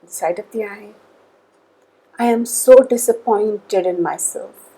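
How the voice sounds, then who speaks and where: Tapping guide, female, unhurried delivery, husky tone, measured calls between statements. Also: mid-range voice, mellow, low-quality recording.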